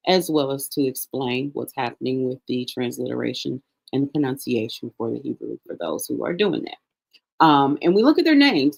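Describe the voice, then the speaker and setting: A woman teaching a relaxed Bible reading, explaining Hebrew words and names step by step, with frequent restarts and small asides. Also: a bass voice, gravelly.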